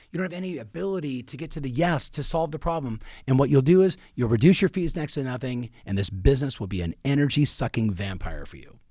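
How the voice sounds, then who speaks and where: A man's voice: medium pitch, darkish tone, no echo, studio quality. A middle-aged man giving emphatic coaching advice to real estate agents, repeating key phrases for weight. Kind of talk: coaching talk.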